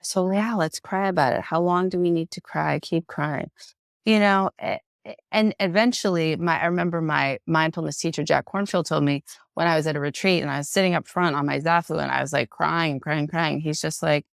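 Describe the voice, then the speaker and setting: A woman psychotherapist talks openly on a podcast, her voice deeply gravelly with fry throughout. The sound is close and dry, with no room around it. She is reflective and frank, drawing on her own story. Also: a little fast, no room sound. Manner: reflective, expressive, acts out quoted voices; frank and personal. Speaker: psychotherapist guest. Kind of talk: unscripted podcast conversation.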